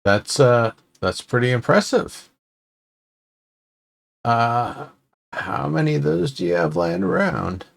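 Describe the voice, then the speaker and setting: A man playing a tabletop game, talking in character in a measured way. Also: mid-range voice, very animated, gravelly. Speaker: player.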